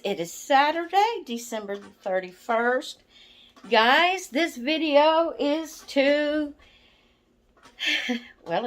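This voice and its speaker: A woman chatting casually to camera as a vlogger, a little out of breath from asthma and easily sidetracked. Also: high voice. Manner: slow, chatty, easily distracted. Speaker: doll channel vlogger.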